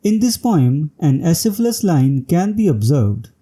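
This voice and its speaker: A man delivers a scripted literature lecture, his voice very dark and mellow yet pitched a touch high for a man. He reads formally and announces each section heading before going on. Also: very animated, a little slow, slightly rough.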